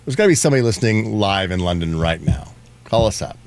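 A male morning radio host with a lowish voice. He banters fast and mocks callers who fake an accent. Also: expressive, no echo. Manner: bantering, quick to mock.

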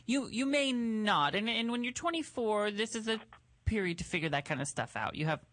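High-voiced guy hosting a podcast, chatty and playful, dry sound. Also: lively intonation, fairly quick, fairly bright tone, no echo. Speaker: podcast co-host giving advice. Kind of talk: casual advice chat.

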